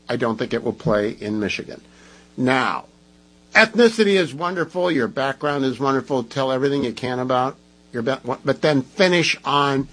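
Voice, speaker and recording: A man's voice: medium pitch, a bit bright, poor audio. A man hosting a talk radio show, giving emphatic, sarcastic commentary full of rhetorical questions.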